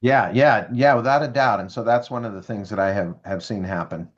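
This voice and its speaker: Animated storytelling man, dull sound. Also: lowish voice, fairly quick. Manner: animated, acts out quoted voices. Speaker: guest, business speaker. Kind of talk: interview storytelling.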